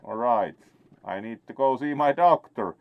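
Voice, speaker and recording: A man's voice: medium pitch, lively intonation, normal speed, gravelly, dry recording. A man giving casual let's play commentary as he plays, in a wry, playful way. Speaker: gaming host. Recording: dull lo-fi sound. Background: faint game music.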